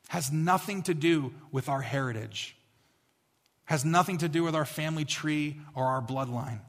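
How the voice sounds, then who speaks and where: A male pastor preaching a sermon that moves from quiet to emphatic, repeating key lines. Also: a little high. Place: church. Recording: echoey church hall.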